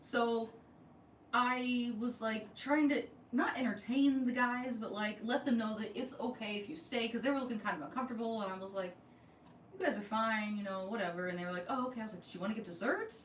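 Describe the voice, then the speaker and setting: On a casual podcast, a theme park vlog co-host with a fairly high voice speaks a little fast, chatting through stories and performing the quoted dialogue. The recording has an echoey room, a faraway mic and faint noise.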